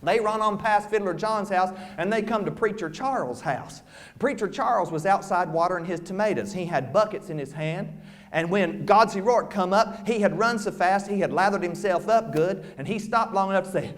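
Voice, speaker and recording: A man telling a folk tale, with an animated, folksy delivery and asides to his listeners. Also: sits high, a little fast. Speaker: storyteller.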